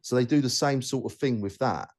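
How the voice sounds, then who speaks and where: A man's voice: medium pitch, brisk, darkish tone. A man hosting a casual podcast chat, talking bluntly and rambling with many restarts. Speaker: podcast host.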